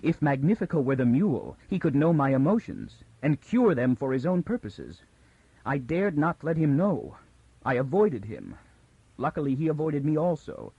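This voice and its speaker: A man voicing a frightened young woman who reasons tensely through her fear, pitched above his own voice. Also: huge pitch swings, normal speed, dark tone, husky, no room sound, highs cut off, full character voice. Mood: fearful.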